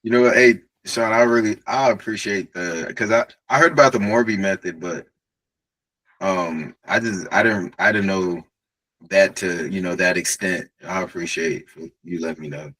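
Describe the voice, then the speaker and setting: Deep husky guy asking questions, laid back and chatty. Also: moderate pace, a bit bright, poor audio. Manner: casual, laughs easily, eager and asks follow-up questions. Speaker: community member asking questions. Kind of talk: casual Q&A chat.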